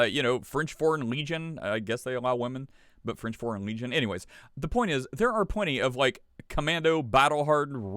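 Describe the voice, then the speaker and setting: A man's voice: mid-range voice, fairly bright tone, smooth, no echo, clean studio sound. A man hosting a podcast in casual chat, sarcastic and laughing often as he reads stories aloud. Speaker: podcast host.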